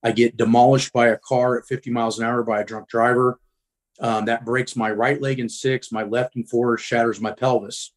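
A middle-aged man from the Midwest speaks as a guest, telling his story bluntly and casually. He swears freely, fills his pauses with ums, and sits at an ordinary male pitch. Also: level tone. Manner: blunt, profane, frequent ums.

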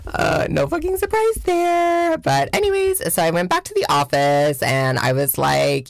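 A young adult vlogger from Washington State tells a casual, profane storytime, chatty and packed with "like" and other fillers, mocking people's voices in quotes. Her voice is very deep with vocal fry, and there's no echo.

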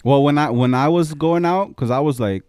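A man in casual podcast chat, joking and telling stories quickly. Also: a little high, darkish tone, clean tone. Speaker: podcast guest.

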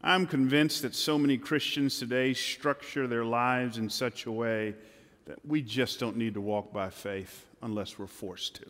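A man preaching a dramatic sermon from a stage in a church hall, shifting between loud and hushed passages. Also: medium pitch, steady tone, unhurried. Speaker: pastor.

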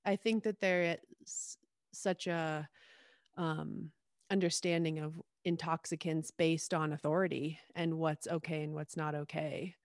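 A woman's voice: low voice, level tone, measured pace, no room sound, studio quality. A woman author, a guest on a casual podcast, thoughtful and agreeable, laughing often as she talks.

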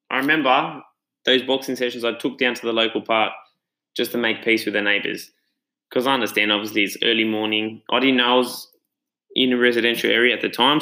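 A man's voice: fairly low pitch, sharp tone, rough recording. An Australian man who runs a gym tells his own story in a casual, earnest and reflective way. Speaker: gym owner and trainer.

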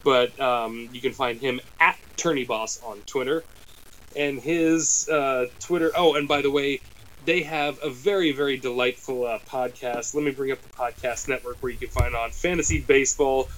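A man's voice: mid-range voice, fairly even intonation, moderate pace, fairly bright tone, rough recording. A middle-aged man hosting a golf podcast, talking casually in long rambling asides and jokes. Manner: rambling, self-correcting, joking. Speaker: podcast host and caddie.

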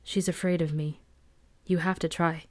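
A woman voicing a tired, worried young man who speaks quietly and earnestly. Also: lowish voice, fairly even intonation, normal speed, natural voice.

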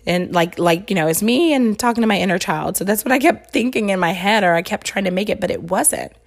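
A woman's voice: medium pitch, fairly quick, gravelly. A woman podcast host telling a personal story in a casual, heartfelt way, rambling with many fillers and restarts. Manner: earnest and heartfelt.

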